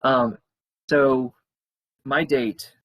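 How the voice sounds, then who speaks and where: On a muffled recording, a young man with a mid-range voice draws out his words in a steady tone. The podcast co-host rambles through a long, casual story with plenty of fillers and restarts, performing the quoted voices.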